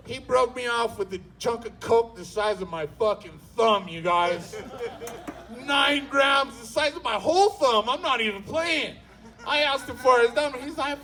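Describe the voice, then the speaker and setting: A man's voice: extremely high pitch, expressive, moderate pace, pushed and bright, poor audio. A man doing stand-up on a comedy club stage, telling a profane story and talking straight to the crowd. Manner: profane, punchy, talks to the crowd.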